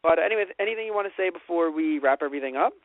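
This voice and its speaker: A man's voice: a little high, rapid-fire, no echo. Guy cohosting a podcast, swears a lot, dry thin lo-fi sound like over a phone. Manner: animated, rambling, swears freely. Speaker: podcast co-host. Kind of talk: casual chat. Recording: phone-like lo-fi audio.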